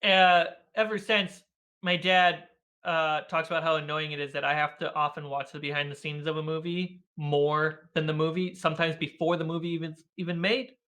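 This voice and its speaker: A man speaks as a guest over a video call, in a bright voice that sits a bit high for a man. He tells stories with animation, acting out the lines he quotes and laughing often along the way. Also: fairly even intonation, normal speed. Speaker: guest, filmmaker and game master. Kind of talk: casual conversational interview.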